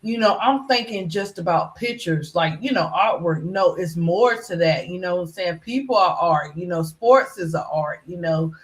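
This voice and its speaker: A woman's voice: lowish voice, normal speed, few pauses. A middle-aged woman chatting casually as a live-stream panelist, rambling with lots of "you know" fillers. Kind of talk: casual chat. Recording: echoey room.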